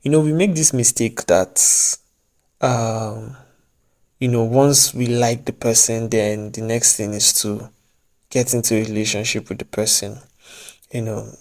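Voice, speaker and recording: A man's voice: mid-range voice, steady tone, unhurried, a little mellow. A man giving casual relationship advice to camera, chatty and joking at his own expense. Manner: chatty, joking asides, laughs at himself. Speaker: vlogger.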